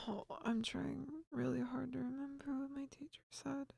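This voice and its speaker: A woman's voice: sits high, level tone, unhurried, creaky, a little mellow, breathy edge. A woman streaming while she works, rambling in a casual monologue and often muttering or whispering to herself.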